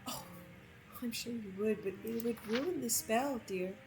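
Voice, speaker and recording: Lady putting on a big teary nord mom, gushing, soothing, voice goes up high. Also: a little slow, gravelly, a little mellow, faint music behind, poor audio. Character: big motherly Nord woman, warm and teary.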